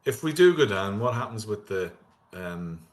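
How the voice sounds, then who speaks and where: A man's voice: lowish voice, lively intonation, normal speed. A middle-aged man co-hosting a casual football podcast, trading dry, wisecracking banter.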